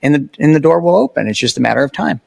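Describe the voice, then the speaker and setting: A man appearing as a podcast guest, telling animated stories and making emphatic points in casual conversation. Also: fairly high pitch, racing, creaky, slightly rough. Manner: animated storyteller, emphatic and preachy.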